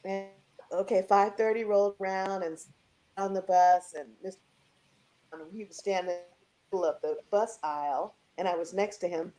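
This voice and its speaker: Animated woman telling a story. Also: mid-range voice, moderate pace. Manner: animated, acts out quotes, laughs often. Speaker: guest jazz vocalist. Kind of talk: emotional storytelling. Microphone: video call.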